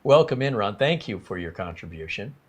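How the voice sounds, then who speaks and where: A man's voice: on the low side, big pitch swings, fairly quick, slightly rough. A man hosting a casual livestream, talking in a rambling, apologetic way and reading viewer comments aloud. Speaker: livestream host.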